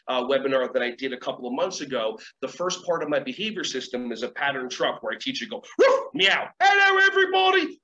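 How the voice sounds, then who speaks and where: A man leading a casual webinar lesson from home, energetic and rambling, acting out quoted voices and guiding breathing exercises. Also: fairly high pitch. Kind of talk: casual teaching talk with guided exercises. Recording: dull lo-fi sound, faint ambience.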